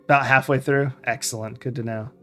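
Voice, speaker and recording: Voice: medium pitch, steady tone, brisk, fairly bright tone, a little hiss or hum. Casual retro-game streamer chatting. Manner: casual, chatty, reads game text aloud with asides. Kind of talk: live let's-play commentary.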